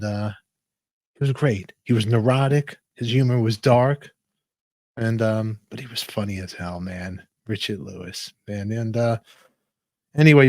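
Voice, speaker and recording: A man's voice: lowish voice, no room sound. A man hosting a news commentary vlog, talking in a plain-spoken, somber way. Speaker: host.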